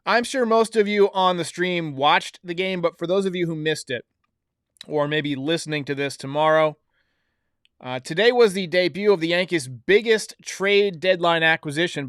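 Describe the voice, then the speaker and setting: A man's voice: fairly high pitch, fairly bright tone, dry recording, studio quality. A man hosting a baseball recap show, giving blunt, opinionated commentary straight to his viewers. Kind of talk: solo sports recap commentary.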